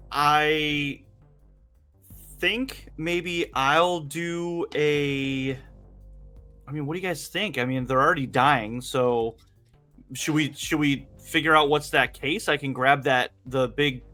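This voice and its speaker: A man plays a tabletop game, speaking very slowly in a bright, forceful tone with a fairly high pitch. He is unhurried and keeps checking in with the table about what he can do. Faint music sits behind him. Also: steady tone. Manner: unhurried, asks the table questions. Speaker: player. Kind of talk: casual tabletop game play.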